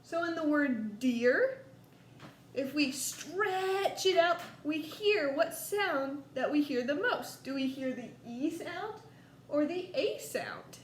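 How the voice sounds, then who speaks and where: A woman with a Southern US accent teaching a first grade lesson, slow and coaxing, stretching words out for young children. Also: high voice, animated. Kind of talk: recorded distance-learning lesson for young children. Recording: echoey room, faint background noise.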